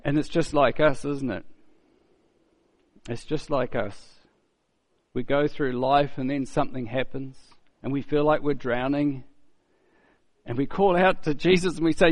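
A man's voice: medium pitch, a little slow, long pauses. A man preaching a sermon in a conversational, storytelling way, often asking rhetorical questions and repeating key phrases.

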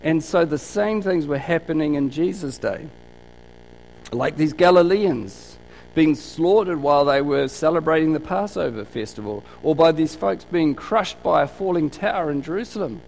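A man's voice: fairly high pitch, animated, moderate pace, vocal fry, a little mellow, a little hiss or hum, poor audio. A man preaching a conversational sermon, telling stories and asking rhetorical questions. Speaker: pastor.

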